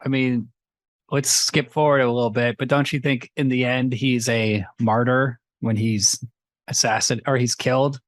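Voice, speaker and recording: A man in his thirties co-hosting a casual film-review podcast, rambling through a plot recap and slipping into quick mocking character voices. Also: mid-range voice, fairly even intonation, no echo. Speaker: podcast co-host.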